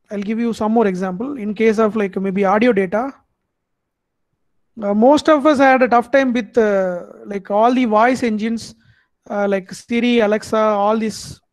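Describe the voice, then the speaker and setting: A high-pitched man with an Indian accent explains his lecture step by step and keeps checking in with his listeners. His voice sounds dry and close. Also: dry recording. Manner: explanatory, checks in with frequent "okay". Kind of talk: online lecture.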